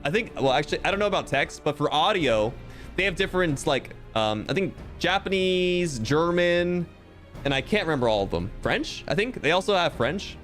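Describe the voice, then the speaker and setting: Animated, jokey male game streamer. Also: a little high, moderate pace, soft background music. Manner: animated, jokey, crude asides. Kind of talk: casual let's-play commentary.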